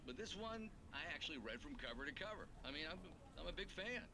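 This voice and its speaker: A man's voice: a little high, big pitch swings, quick pace. A man voicing a slick male talk-show host who jokes in a showy way to his audience, in a noisy game recording.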